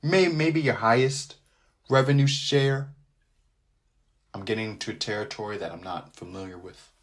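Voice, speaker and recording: A man's voice: lowish voice, a little slow. A man hosting a casual sports podcast, joking around, repeating his phrases and sliding into a sing-song delivery. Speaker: podcast host.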